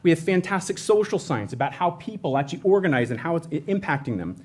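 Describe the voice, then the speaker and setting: Slightly high-voiced man giving a talk. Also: sing-song, fast talker, breathy edge. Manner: conversational, frequent restarts and self-corrections. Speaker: state environmental agency presenter. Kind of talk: educational presentation.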